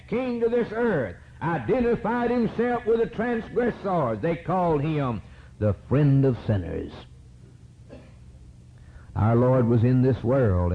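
Guy preaching, rhythmic, swings way up then drops low, dull old recording w faint hiss. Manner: rhythmic preaching, rising to high cries then dropping low. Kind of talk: sermon.

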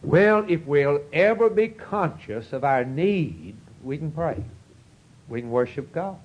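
A man's voice: on the high side, lively intonation, takes it slowly, highs cut off. A man preaching a sermon in a folksy, earnest storytelling manner, with rising outbursts.

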